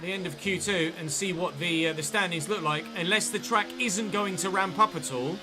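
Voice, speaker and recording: A man's voice: sits high, normal speed, over music. An English man chatting and thinking aloud as he commentates on his own live gameplay stream. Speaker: game streamer.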